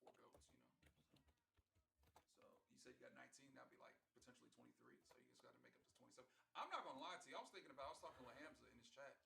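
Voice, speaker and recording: A man's voice: medium pitch, huge pitch swings, very fast, gravelly, sharp tone. A man streaming a game and chatting casually with his viewers, chatty and hyped as he plays. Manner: chatty, hyped, talks to chat while playing. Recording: roomy echo, mic set far off.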